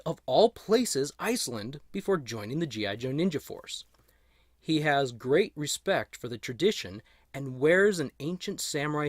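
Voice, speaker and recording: A man's voice: medium pitch, no room sound, clean studio sound. A man giving a chatty, easygoing toy unboxing and review, talking to the camera as he handles the figure. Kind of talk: casual unboxing commentary.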